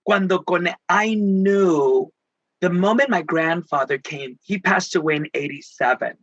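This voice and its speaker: Guest interviewee: a man from Texas with a high, husky voice who tells stories theatrically. The audio is dry and a little dull. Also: unhurried, no echo. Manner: animated, theatrical, acts out quoted voices. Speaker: guest, spiritual healer. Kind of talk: emotional storytelling in conversation.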